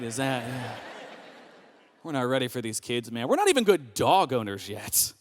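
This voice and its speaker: Animated high-voiced man doing stand-up. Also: a little fast. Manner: animated storyteller, jumps into high voices for characters. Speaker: stand-up comedian. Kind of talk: stand-up comedy set. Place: comedy club stage with live audience. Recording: long reverb of a hall.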